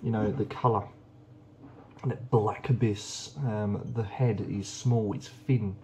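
A man's voice: on the low side, fairly even intonation, takes it slowly, warm tone, slight background noise. A young man chatting casually and enthusiastically while reviewing beers, rambling with plenty of ums. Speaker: beer reviewer. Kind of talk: casual beer review vlog.

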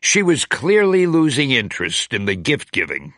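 A man reading a children's picture book aloud in a gentle, expressive way. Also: medium pitch, normal speed, no room sound, clean studio sound. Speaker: children's storybook reader. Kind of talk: read-aloud storytelling.

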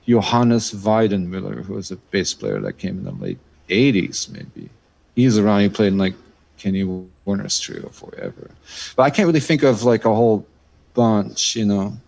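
A man's voice: lowish voice, gravelly, darkish tone, no room sound. A middle-aged man from Germany with a German accent, chatting loosely as a guest in an interview, with lots of fillers and restarts. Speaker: guest jazz drummer. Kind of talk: casual interview chat.

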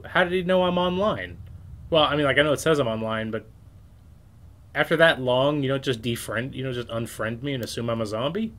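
A man's voice: mid-range voice, fairly quick, fairly bright tone. A man giving let's-play commentary, rambling and self-mocking as he reads messages aloud and swears casually. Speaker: game streamer.

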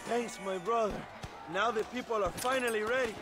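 A man's voice: high voice, normal speed, natural voice. An actor playing a male revolutionary leader in a game, with an urgent, commanding manner, under game music. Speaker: game character.

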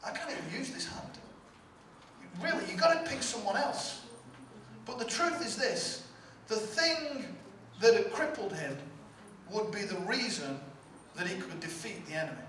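A male pastor with a high, expressive, fairly bright voice preaches unhurriedly in a large church hall, building emphatic, repetitive rhetorical crescendos. The recording is echoey and distant, with faint ambience and slight background noise.

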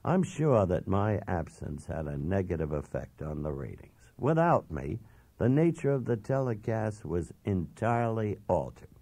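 A man's voice: low-pitched, very animated, moderate pace, creaky, mellow, no echo. A man narrating a first-person memoir audiobook in a blunt, self-assured, emphatic way.

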